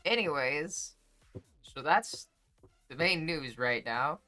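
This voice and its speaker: Young woman, streamer, casual chat, bright voice, emotional, near tears, swears, faint music behind. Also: low-pitched, expressive, slow. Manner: chatty, swears freely, reads chat aloud. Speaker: livestreamer.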